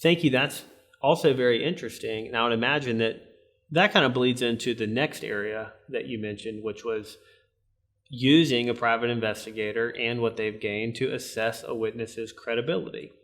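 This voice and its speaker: Male interviewer, courteous and a bit halting, restates the guest's answers. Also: medium pitch, fairly even intonation, a bit bright. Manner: polite, summarizing, slightly halting. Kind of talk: professional interview.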